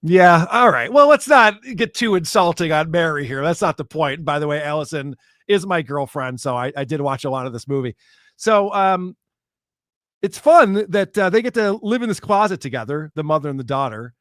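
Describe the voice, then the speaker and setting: A man co-hosting a podcast, telling a true crime story in an animated, joking way and laughing often. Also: on the high side, normal speed, no echo, clean studio sound. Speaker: podcast co-host. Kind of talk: casual storytelling chat about true crime.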